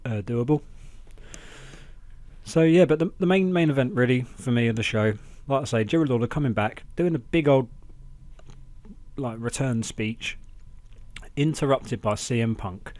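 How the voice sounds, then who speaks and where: A man hosting a casual wrestling review podcast, chatty and excitable, talking into a close mic at home. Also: medium pitch. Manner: chatty, excitable, acts out quotes in raised voices. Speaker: podcast host.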